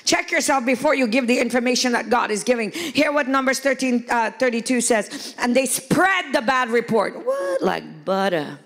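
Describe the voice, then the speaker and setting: A woman pastor delivering a lively sermon in a church. Her voice sits high and carries a gravelly edge. She shouts her points and slips into playful impressions of the people she quotes. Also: moderate pace, few pauses. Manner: preaching, often shouting, acts out quoted voices with humor. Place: church hall before a congregation.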